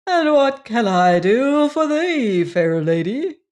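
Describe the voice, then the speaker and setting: A slow-paced audiobook reader voicing a fat, cheery male salesman who talks in bland, booming, patronizing tones. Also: very animated, darkish tone. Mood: bland jovial. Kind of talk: audiobook character reading.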